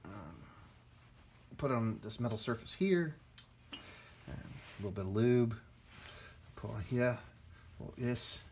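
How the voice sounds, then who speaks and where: A man of average pitch narrating his own brake job in a loose, chatty way. He mutters to himself and drops jokey asides as he works. The garage recording carries steady tool and clatter noise. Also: takes it slowly, pauses often. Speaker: DIY car repair host. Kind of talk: casual how-to narration while working.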